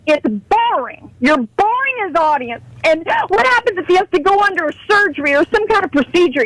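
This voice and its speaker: Brief: fired-up female radio caller, high voice, pleading and profane. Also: very animated, normal speed, few pauses, a bit bright, dry recording, low-quality recording. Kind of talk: call-in radio rant.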